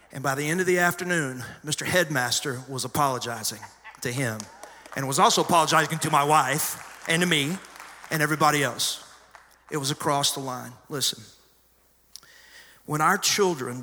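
A middle-aged pastor preaching a sermon, telling stories conversationally with sudden loud emphasis. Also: male voice, mid-range voice. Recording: long hall reverb.

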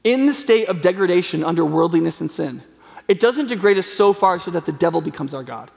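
A man with a high voice preaches in an earnest, conversational way, often breaking into fillers and restarts. His words ring out with a long reverb, as if carried through a large hall. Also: expressive, a little fast, vocal fry, a little mellow. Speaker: pastor. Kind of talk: sermon.

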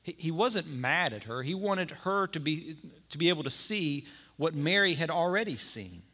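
Bright, conversational male pastor preaching. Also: a little high, animated, moderate pace. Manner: conversational preaching with acted-out scenes. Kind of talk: sermon.

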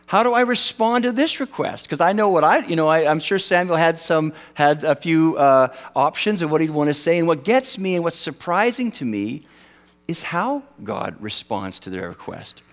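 A man preaching a sermon in an animated, self-deprecating way, acting out the voices he quotes. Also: a little high, moderate pace. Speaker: pastor. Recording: long reverb of a large hall.

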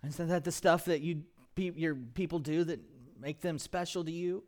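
A pastor preaching a sermon, asking rhetorical questions and swinging between emphatic and hushed delivery. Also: male voice, a little high, normal speed, few pauses.

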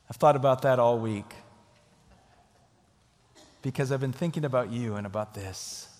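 A man preaching in a church, his mid-pitched voice carrying a long reverb through the sanctuary. He speaks earnestly and leans on repetition to drive his points home, with an occasional chuckle as he tells a story. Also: normal speed, pauses often, a little mellow. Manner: earnest, emphatic repetition, chuckles while telling stories. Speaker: pastor. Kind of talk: sermon with storytelling and closing prayer. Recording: echoey hall reverb.

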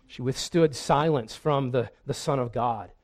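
A man's voice: mid-range voice, measured pace. A man preaching a sermon in an earnest way, often repeating a word as he restarts. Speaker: pastor.

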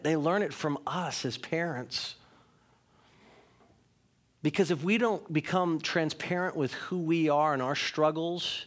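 A man in his thirties, a pastor giving a sermon in a conversational, candid way, with self-mocking humor. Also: a little high.

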